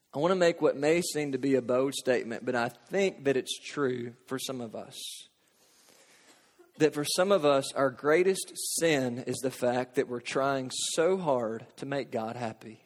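Earnest high-voiced male preacher, hall reverb. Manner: earnest, asks rhetorical questions, drops to hushed intensity. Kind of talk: sermon.

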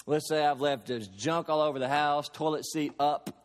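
A man from Kentucky delivering a sermon with slow, stressed phrases and plain homely examples. His voice sits fairly high for a man. The reverb of a long hall trails after each line. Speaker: pastor.

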